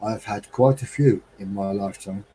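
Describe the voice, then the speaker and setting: A man's voice: fairly low pitch, moderate pace, warm tone, a little hiss or hum, low-quality recording. A middle-aged man from England hosting a live stream, musing in a heartfelt, rambling, wistful way. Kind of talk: reflective casual monologue.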